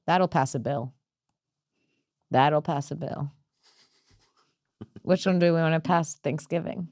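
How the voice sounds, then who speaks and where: A woman's voice: sits low, slow pace, a little mellow, no echo, clean studio sound. A woman comedian hosting a casual podcast, brash and rambling, often laughing at her own jokes.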